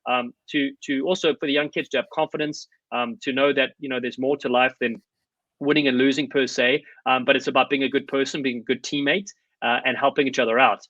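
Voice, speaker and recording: Brief: South African man, podcast guest, quick eager storyteller, bright tone, dry slightly muffled audio. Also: medium pitch, steady tone, dry recording. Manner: eager, rapid storytelling with many fillers. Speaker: podcast guest, rugby commentator. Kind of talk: conversational interview.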